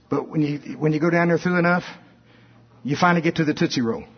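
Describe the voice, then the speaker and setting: A man preaching a folksy, animated sermon that rises to shouts at its peaks. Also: medium pitch, fast, slightly rough. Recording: dull lo-fi recording.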